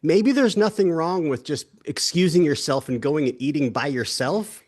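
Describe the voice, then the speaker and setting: A man's voice: on the high side, expressive, normal speed, a little mellow. A young adult man co-hosting an online wellness summit, chatting in an easygoing, joking way with lots of restarts and asides. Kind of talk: casual conversational chat.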